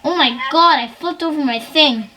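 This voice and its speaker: A young woman playing a game alongside a friend, playful and quick to laugh, chatting casually. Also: sits high, background noise. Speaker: co-player. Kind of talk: casual gaming chat.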